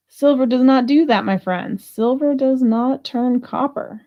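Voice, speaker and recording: A woman's voice: high-pitched, normal speed, hardly any pauses, muffled recording. A woman hosting a live jewelry sale, chatting casually and thinking aloud as she prices pieces, with the odd grumble. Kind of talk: casual live selling chat.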